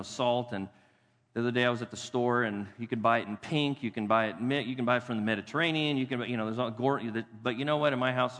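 A man's voice: medium pitch, a bit bright. Emphatic male pastor in a reverberant hall. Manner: emphatic, repeats key phrases, slows for scripture. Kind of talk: sermon. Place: church sanctuary. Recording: long reverb of a church hall.

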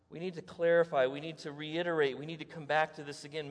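A man's voice: on the high side, steady tone, quick pace, few pauses. A male preacher giving a sermon, telling the story dramatically, acting out the scenes and asking the congregation rhetorical questions. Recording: echoey hall.

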